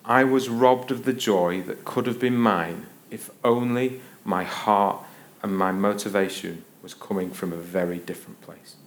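A man's voice: lowish voice, steady tone, unhurried. A middle-aged man preaching a sermon, telling a self-mocking story with playful humor before teaching from a Bible passage.

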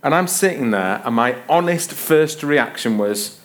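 A man's voice: mid-range voice, animated, measured pace, a bit bright. A middle-aged man preaches with a playful, self-mocking storytelling manner. His voice sits in an ordinary middle register, and he moves easily from joking anecdotes into teaching. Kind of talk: sermon.

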